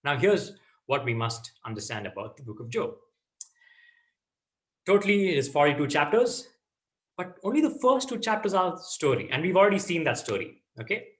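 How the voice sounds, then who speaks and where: A man's voice: on the high side, big pitch swings, normal speed, a bit bright. A man teaching a casual Bible lesson to teens, checking in often with "okay?" and "right?".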